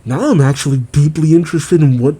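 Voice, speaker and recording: A man reading a manga chapter aloud and reacting with expressive, exclamatory asides. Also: a little high, fast talker, husky. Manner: expressive, exclamatory, mildly profane.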